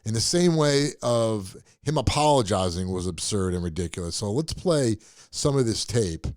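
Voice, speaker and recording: A man's voice: lowish voice, lively intonation, normal speed, a little mellow, no echo, clean studio sound. A male show host giving a blunt, profane, scoffing commentary monologue.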